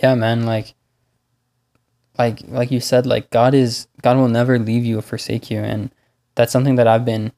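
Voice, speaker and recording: A man in a casual faith conversation, speaking in a relaxed way with lots of "like" fillers. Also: mid-range voice, moderate pace.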